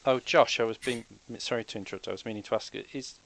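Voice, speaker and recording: A man's voice: medium pitch, fast talker, fairly bright tone. A man playing in a tabletop game who politely asks the organizers questions. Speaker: player. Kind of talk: casual chat at a tabletop game.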